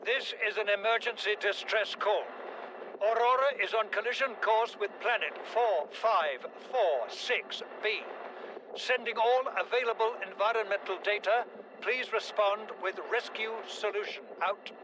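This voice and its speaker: A ship crewman sending a distress call in a high, clipped, urgent voice. Static noise is loud around the transmission. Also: unhurried.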